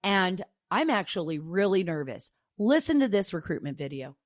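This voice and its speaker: A woman's voice: fairly low pitch, very animated, normal speed, noisy background. Emphatic woman talk show host. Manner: emphatic, exclamatory, rhetorical questions. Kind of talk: opinionated political talk.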